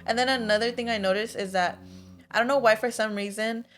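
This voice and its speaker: A woman's voice: fairly high pitch, fairly even intonation, fairly quick. A young woman co-hosting a podcast in casual chat, talking in loose, filler-heavy runs full of "like". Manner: chatty, filler-heavy, lots of "like". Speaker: podcast co-host.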